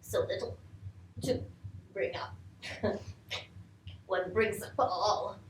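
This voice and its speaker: An actress playing a brave, cheerful middle-aged woman trapped in a mound, on a live theatre stage, swinging between loud outbursts and hushed whispers. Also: mid-range voice, very slow, slight background noise. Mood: musing. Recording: echoey live theatre recording.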